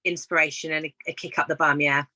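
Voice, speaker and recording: Brief: woman guest, mid-pitched bright voice, encouraging storyteller in a casual live chat. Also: level tone, fast talker, low-quality recording. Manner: storytelling, encouraging, acts out quoted dialogue. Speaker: guest business consultant.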